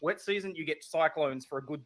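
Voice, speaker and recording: A man's voice: a little high, fairly quick, a bit bright. A man from Australia chatting casually on a stream as a guest. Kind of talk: casual chat.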